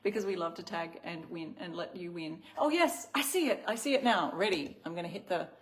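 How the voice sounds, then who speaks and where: A woman's voice: on the low side, expressive, fairly quick. An Australian woman hosting a casual craft livestream, chatting and reading out viewer comments. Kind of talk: casual live-stream chat.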